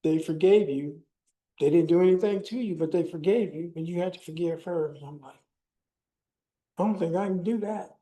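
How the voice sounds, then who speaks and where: A man's voice: on the high side, moderate pace, mellow, low-quality recording. An older man giving a keynote talk, telling a personal story and acting out the dialogue. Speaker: keynote speaker. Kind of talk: personal testimony speech.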